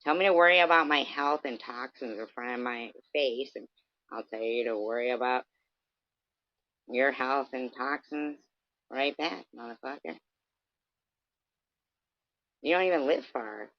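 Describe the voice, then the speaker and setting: A woman's voice: a bass voice, a little slow, long pauses, no room sound. A woman rants into her camera, confrontational and cursing freely, at times slipping into mockery. Her voice sits in a middle register and sounds dry and close, with no room around it. The recording is dull and lo-fi, as from a simple home setup. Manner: confrontational, profane, mocking. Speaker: vlogger. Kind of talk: angry livestream rant.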